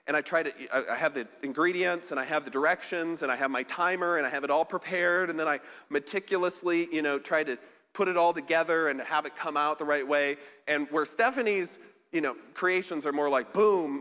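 In a large church hall, a man preaches a casual sermon in a bright, forceful, slightly high voice, recorded live with heavy reverb. The pastor is chatty and self-deprecating, his speech full of fillers and restarts.

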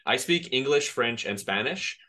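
Fast-talking male podcast host. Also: mid-range voice, expressive, bright, forceful tone. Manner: fast-talking, friendly, chatty. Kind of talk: casual interview.

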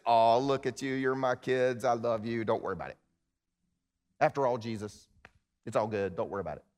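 A male pastor preaching a sermon in an animated way, acting out quoted voices, then leading a prayer. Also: mid-range voice.

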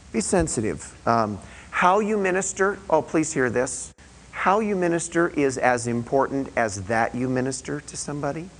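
Man preaching a halting, conversational sermon. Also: mid-range voice, creaky, a little hiss or hum, low-quality recording. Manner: conversational, halting, with many restarts and rhetorical questions. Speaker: pastor. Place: church room with a small group.

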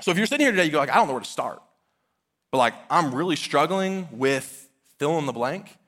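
A man's voice: a little high, very animated, a little fast, fairly bright tone. A man in his thirties preaching a sermon, earnest and conversational, often using casual fillers. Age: 30s. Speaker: pastor.

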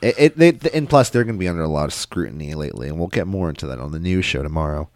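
A man co-hosting a podcast, chatting casually with quick agreeing interjections. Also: extremely low pitch, animated, darkish tone, no echo, clean studio sound. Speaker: podcast co-host. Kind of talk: casual wrestling chat.

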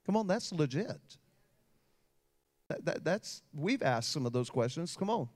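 A man's voice: on the high side, big pitch swings, normal speed, darkish tone. A man, a pastor, preaching a sermon and telling a personal story with growing intensity. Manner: storytelling with rising emotional intensity.

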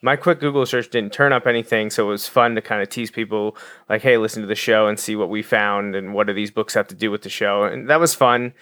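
A man's voice: lowish voice, steady tone, fairly quick, a bit bright, dry recording. A man co-hosting a podcast in casual chat, rambling and restarting his sentences with stammers. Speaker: podcast co-host.

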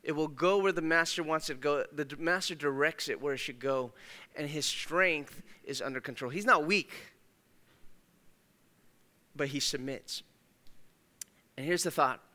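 Male pastor, sermon delivery, conversational and emphatic with hushed asides; bright, crisp voice pitched a bit high. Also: unhurried, pauses often, in a large hall. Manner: conversational, emphatic, shifts between loud and hushed. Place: church sanctuary.

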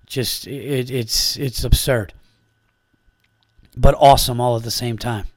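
A man's voice: mid-range voice, steady tone, slow pace, no echo, studio quality. A man from upstate New York hosting a comedy podcast in casual chat, rambling and profane, with lots of fillers.

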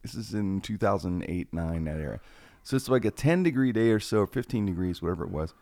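A radio personality with a low voice tells stories on a casual podcast at a brisk clip, acting out quoted lines in a raised, animated voice. The recording is dry.

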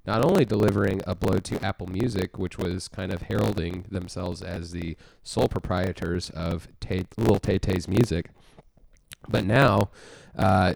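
Texas-raised male podcast co-host, low gravelly voice, rambling self-deprecating banter, dry close sound. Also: a little mellow, no room sound. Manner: rambling, self-mocking, many fillers and restarts. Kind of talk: casual music podcast chat.

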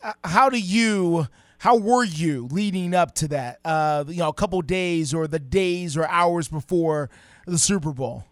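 A man's voice: a little high, unhurried, dry recording. A man co-hosting a sports radio show, asking a question with hesitant fillers.

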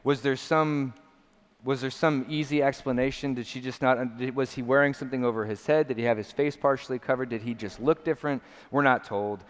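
A man's voice: mid-range voice, fairly even intonation, fairly quick. Earnest preaching man in a reverberant hall. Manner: earnest, emphatic preaching with repeated phrases. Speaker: pastor. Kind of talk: sermon.

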